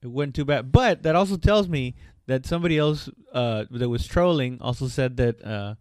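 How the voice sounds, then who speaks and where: A man's voice: mid-range voice, normal speed, darkish tone, no room sound. A man co-hosting a casual podcast from a bedroom, joking, swearing and laughing often. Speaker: podcast co-host. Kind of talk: casual chat.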